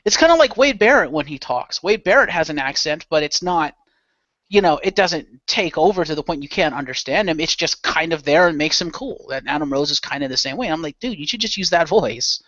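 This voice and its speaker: A man's voice: on the high side, expressive, a little fast, a bit bright, no room sound. A man chatting on a podcast panel, giving opinionated rants and swearing freely. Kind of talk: casual podcast chat. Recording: dull lo-fi dry sound.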